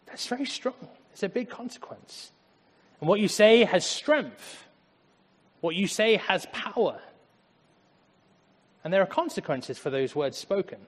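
An English man with an English accent giving a casual, conversational Bible talk, animated and acting out little asides. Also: fairly high pitch, normal speed, long pauses, long reverb tail. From England. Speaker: Bible teacher.

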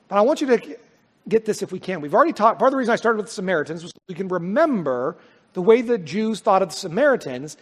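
A man preaching a sermon, reading scripture and talking conversationally with emphatic, stammering restarts. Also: sits high. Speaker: pastor. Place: church sanctuary. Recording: long hall reverb.

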